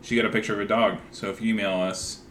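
A man co-hosting a podcast in casual chat, dry and deadpan, moving things along to the next email. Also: fairly low pitch, quick pace, slight background noise. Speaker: podcast co-host.

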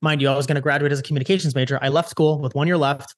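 Animated young man telling a story. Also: fairly high pitch, no echo, clean studio sound. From Chicago area. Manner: animated, lots of "I'm like" retellings, fast restarts. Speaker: guest, social media strategist. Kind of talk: casual storytelling interview.

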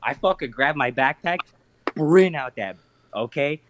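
Animated young man telling a story. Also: fairly high pitch, measured pace, background noise. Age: 20s. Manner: profane, animated, acts out voices in his stories. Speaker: podcast host. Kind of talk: casual storytelling.

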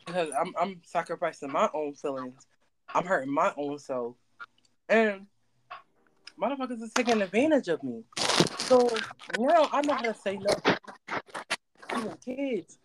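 A woman chatting on a podcast, telling lively stories with loud imitated screams. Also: mid-range voice, normal speed, pauses often, background noise. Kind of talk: casual chat.

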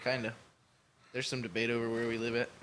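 A man's voice: mid-range voice, monotone, fast talker, fairly bright tone, slight background noise. A man telling a story in a casual chat, laid-back and profane, rambling with fillers.

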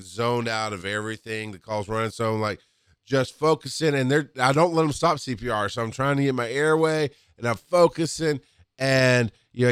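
A man who used to be a paramedic tells work stories in a casual, animated way, with laughs and acted-out quotes. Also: clear, resonant tone, dry recording, studio quality. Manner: animated, acts out quotes with rising pitch and laughs. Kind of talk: casual storytelling monologue.

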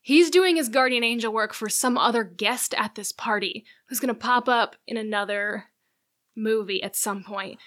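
A woman's voice: a little high, normal speed, a bit bright. A woman co-hosting a podcast, chatting casually and spinning a playful theory. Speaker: podcast co-host. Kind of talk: casual chat.

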